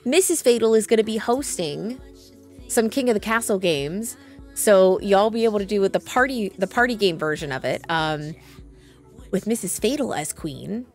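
A woman's voice: medium pitch, expressive, normal speed, faint music behind. A woman in her thirties, a streamer chatting casually and rambling through stories with frequent restarts. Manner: rambling, chatty, self-interrupting. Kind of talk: casual chat.

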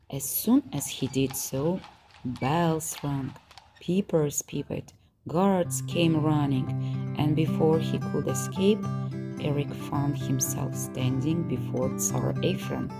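Woman, bedtime story narration, calm, measured, low voice, loud guitar behind. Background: guitar music.

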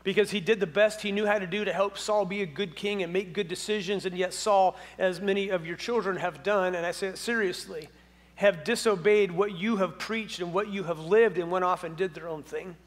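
A male pastor preaches with a high voice in a church hall whose long echo trails each phrase. He talks in a relaxed, conversational way, asks his listeners question after question, and slips in humor. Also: brisk. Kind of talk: sermon. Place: church sanctuary.

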